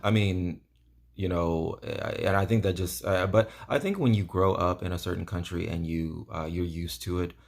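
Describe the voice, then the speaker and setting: A man's voice: deep voice, fairly even intonation, moderate pace, vocal fry. A man talking casually to camera in a vlog, rambling earnestly with lots of ums and you-knows. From United States. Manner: earnest and enthusiastic. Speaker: vlogger.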